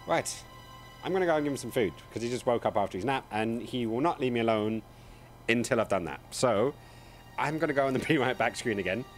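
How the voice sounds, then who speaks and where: Male streamer, playful and chatty, faint music under the talk. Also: mid-range voice. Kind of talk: casual live gameplay commentary. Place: home room. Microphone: desk microphone.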